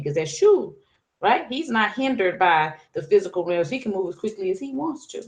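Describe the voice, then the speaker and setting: A woman telling a folktale as a lesson, lively and asking her listeners questions as she goes. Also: mid-range voice, normal speed, low-quality recording. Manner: lively, asks the audience questions. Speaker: storyteller, teacher. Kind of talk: interactive storytelling lesson.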